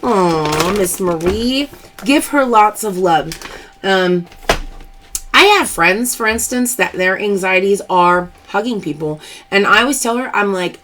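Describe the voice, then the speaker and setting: A woman's voice: medium pitch, expressive, moderate pace, a bit bright, a little hiss or hum. A woman hosting a live stream, chatting openly and emphatically as she answers viewer comments. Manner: chatty and emphatic, open about personal matters.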